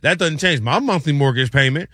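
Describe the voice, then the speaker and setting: A man hosting a sports talk show, casual and animated, who often asks "you know what I'm saying.". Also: a little high, brisk, no echo, clean studio sound.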